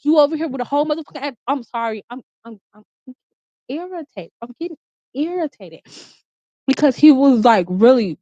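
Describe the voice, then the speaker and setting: A woman with a slightly high voice vents through a heated, profane story, circling back and repeating herself as her irritation builds. The sound is muffled and dull, with a close, dead-dry room around her. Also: no room sound. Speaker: vlogger. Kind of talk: casual storytime rant.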